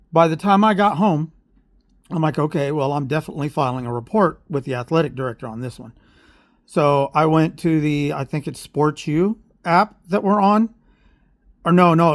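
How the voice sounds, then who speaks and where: Upset man, fairly high voice, dry close recording, rambling vlog rant. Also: no echo. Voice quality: emotional, openly aggrieved. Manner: heated, rambling, self-correcting. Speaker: parent telling a story. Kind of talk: casual vlog monologue.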